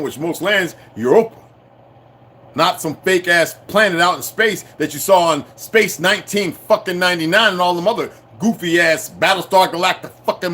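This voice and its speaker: Profane ranting man, loud then muttering. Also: a little high, slight background noise. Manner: profane, confrontational, swings from shouting to muttering. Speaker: channel host. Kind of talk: unscripted rant to viewers.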